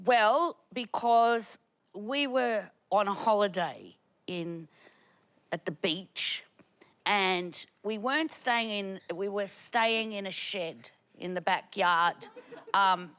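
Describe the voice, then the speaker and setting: A woman guest on a comedy panel show, telling a rambling story with laughter and shouted quotes. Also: medium pitch, slow, smooth. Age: older. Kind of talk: comic storytelling. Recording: studio audience laughter behind.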